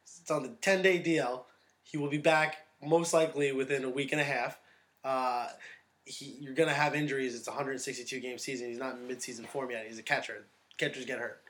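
A man co-hosts a casual sports podcast, joking and riffing with his partner. His sentences often fade off into soft, half-mumbled endings. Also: medium pitch, steady tone, a little fast. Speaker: podcast co-host.

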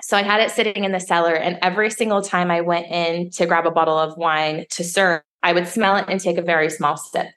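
A woman's voice: fairly quick, hardly any pauses. A woman in her thirties, a sommelier guest telling stories in a casual interview, acting out quoted dialogue with jumps in her voice. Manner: lively storyteller, acts out quoted dialogue with pitch jumps. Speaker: sommelier and wine educator guest.

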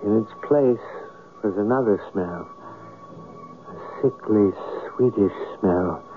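A man's voice: on the low side, slight background noise. An actor playing a reflective writer who narrates his own story in a 1970s radio drama. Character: reflective male writer, wry and dry. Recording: narrow phone-like old radio broadcast.

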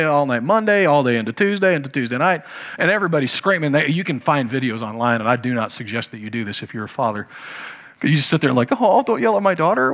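A middle-aged man preaching a conversational sermon as pastor, jumping from loud emphatic bursts to hushed, low lines.

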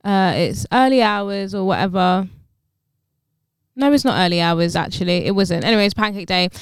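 A woman, co-hosting a casual podcast and telling stories in an animated, indignant way, swearing freely. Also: moderate pace, clean tone, no echo, studio quality. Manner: animated storytelling with swearing, jumps high when indignant. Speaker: podcast co-host.

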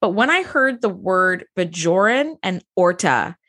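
Woman, podcast co-host, casual recap chat, very lively pitch, animated, does character voices. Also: unhurried. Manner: chatty, animated, acts out quotes in character voices.

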